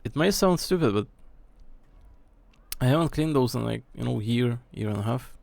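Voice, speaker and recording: Testing his desk mic at varying distances, a man at home rambles casually on stream as he thinks out loud. He speaks at a moderate pace with medium pitch, an expressive delivery, vocal fry, and a darkish tone, with no echo.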